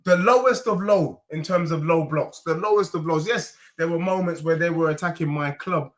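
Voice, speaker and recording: A man's voice: on the high side, moderate pace. A man, chatting animatedly and emphatically as a football fan streamer on a live reaction stream. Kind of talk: casual live reaction chat.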